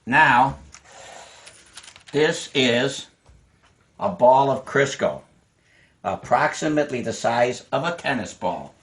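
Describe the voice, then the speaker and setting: An older man teaches his grandchild to cook at home, patient and encouraging as he walks through every step. His medium-pitched, fairly bright voice has lively intonation, and he speaks slowly with long pauses.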